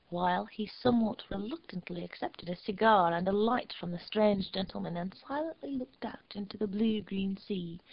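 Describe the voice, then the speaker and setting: A woman narrating a storybook in a measured, steady reading voice. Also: medium pitch, vocal fry, dry recording, muffled recording.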